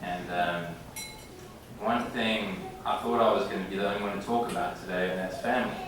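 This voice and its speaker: A man in his thirties giving a halting, heartfelt acceptance speech, with many pauses and filler sounds, in a large banquet room. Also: lowish voice, fairly even intonation, far from the mic, a crowd in the background. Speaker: hall of fame inductee. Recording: echoey banquet hall from afar with room noise.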